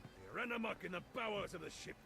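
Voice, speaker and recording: A man voicing a hammy old pirate captain in a video game, theatrical and gravelly. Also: sits high, wildly swooping pitch, fast talker, bright, forceful tone, heavily acted. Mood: blustering. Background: game music.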